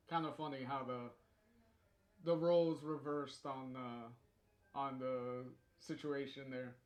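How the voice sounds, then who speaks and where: A co-host comments casually on the story being read, his medium-pitched voice fairly even, slow, and paused often. He rambles hesitantly with plenty of fillers and chuckles, in a roomy-sounding recording.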